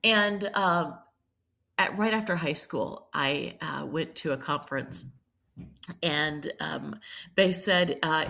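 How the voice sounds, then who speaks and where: A middle-aged woman speaks in a low, gravelly voice, sharing her story as a guest on a podcast. She talks reflectively, pausing on ums and circling back to pick up her thread. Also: sharp tone. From Charleston, South Carolina. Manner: reflective, many ums and restarts. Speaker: priest and nurse, guest. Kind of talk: personal storytelling in a podcast interview.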